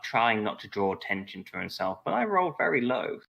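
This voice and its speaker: Low bright-voiced guy running a tabletop game, lots of ums and sort-ofs. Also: big pitch swings, fairly quick, creaky, lo-fi sound. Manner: hesitant, many fillers and "sort of". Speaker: game master.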